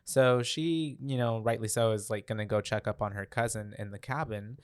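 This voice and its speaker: A man with a smooth, resonant voice of middling pitch, co-hosting a casual podcast. He rambles through a horror film recap, full of fillers and restarts. The sound is dry and close. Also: moderate pace, no room sound. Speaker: podcast co-host.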